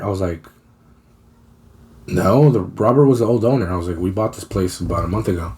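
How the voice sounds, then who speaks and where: A man's voice: low voice, fairly quick, pauses often. Profane young man telling a story. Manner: profane, slangy, animated storytelling. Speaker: podcast co-host. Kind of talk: casual storytelling chat.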